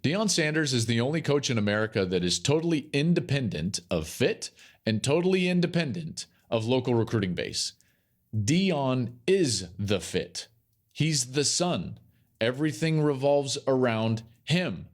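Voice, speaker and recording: Male podcast host, animated, emphatic solo sports commentary, lively pitch. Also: measured pace. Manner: emphatic, repeats key phrases for effect. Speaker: podcast host and college football analyst.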